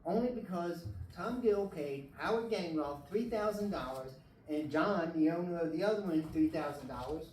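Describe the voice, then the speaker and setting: A middle-aged or older resident speaking at a city meeting's public comment, emotional and indignant, halting and restarting, close to tears. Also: medium pitch, darkish tone, slight background noise. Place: council meeting hall. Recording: echoey hall, distant mic, faint ambience.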